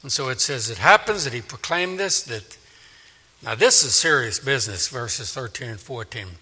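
A man's voice: medium pitch, sing-song, unhurried, bright, forceful tone, breathy edge. A man preaching an expository sermon, dramatically acting out the voices of God and the people. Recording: echoey hall with long reverb.

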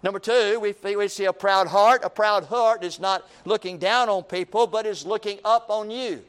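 High-voiced, clear-toned male preacher. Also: moderate pace, a bit bright. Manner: repetitive preaching cadence, addresses listeners as friend. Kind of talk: sermon.

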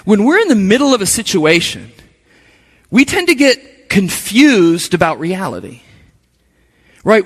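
This middle-aged pastor has an extremely high, fairly bright voice, preaching earnestly to his congregation. He dramatizes quoted speech, and the church hall echoes around him.

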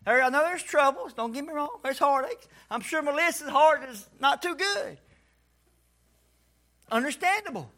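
A man preaching a sermon to a church congregation, folksy and calling for responses, sometimes shouting. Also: very high-pitched, sing-song, moderate pace.

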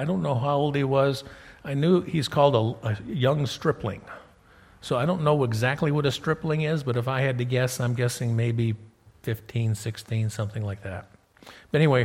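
A man preaching a sermon, telling a Bible story in a conversational way and reading scripture aloud with loud, emphatic peaks. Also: medium pitch, moderate pace, long reverb tail.

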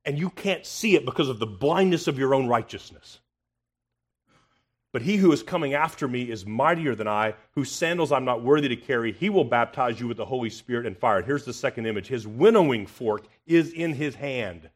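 A man preaching a confrontational expository sermon, asking rhetorical questions and swinging from loud emphasis to hushed tones. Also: medium pitch, expressive, fairly quick.

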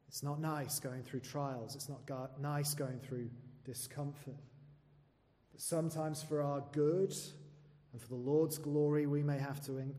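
A slightly high, mellow-toned male preacher delivers an earnest sermon in a church hall. He questions his listeners directly and moves between hushed, dropped phrases and loud, emphatic ones. A long reverb trails each line.

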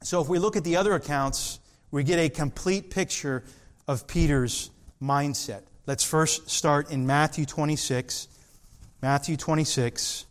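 A man's voice: a little high, measured pace. A man preaching a sermon, reading scripture aloud and acting out Peter's insistent lines with rising emphasis.

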